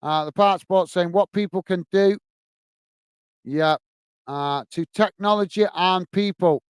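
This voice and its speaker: High-voiced chatty English man. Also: measured pace, clean tone, dry recording. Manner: chatty, apologetic, says mate often. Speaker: host reading live chat. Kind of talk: casual live-stream chat.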